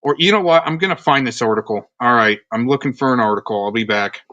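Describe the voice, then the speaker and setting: A man's voice: medium pitch, fast talker, sharp tone, highs cut off. A man hosting a livestream, ranting in a sarcastic, rambling, scornful way as he comments on a recording. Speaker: livestream host.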